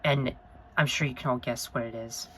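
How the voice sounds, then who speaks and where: Lady vlogger w a really deep voice, rambly n emotional, keeps saying sorry. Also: steady tone, normal speed, slight background noise, poor audio. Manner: earnest, rambling, apologetic; emotional, gushing. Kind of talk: unscripted review vlog.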